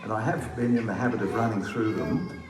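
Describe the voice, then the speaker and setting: A man's voice: lowish voice, fairly even intonation, brisk. An older man, leading a citizenship ceremony in a jovial, joking way as he calls out country names. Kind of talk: jovial ceremony speech to an audience. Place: large hall with a crowd. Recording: echoey hall, distant mic, crowd noise.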